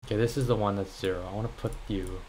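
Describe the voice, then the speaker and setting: A man's voice: fairly low pitch, fairly even intonation, quick pace, a little mellow, slight background noise. A young man streaming as he builds a game level, muttering, swearing and laughing at his own work.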